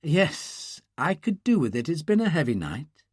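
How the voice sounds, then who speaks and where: A man reading the part of a calm, theatrical actress who teases her companions in a dry way, in an audiobook. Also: fairly high pitch, unhurried, husky, no echo, pitched above the performer's own voice, heavily acted. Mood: tired. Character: cool, theatrical female actress and killer.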